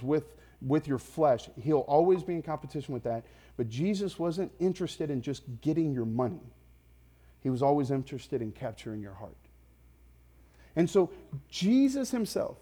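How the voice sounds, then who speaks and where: A male pastor in his thirties delivering a sermon. His voice sits a little high but has a warm, mellow tone. He talks straight to the congregation, firing questions and climbing to loud, passionate emphasis. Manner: impassioned, rising to loud emphatic peaks.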